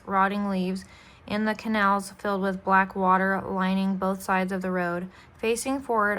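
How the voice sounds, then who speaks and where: A woman reads a children's chapter book aloud in a bright, clear voice. Her tone is friendly and informal, and she stumbles now and then and says sorry. Her pitch sits in an ordinary middle range. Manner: friendly, apologizes for slips. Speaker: storyteller, channel host.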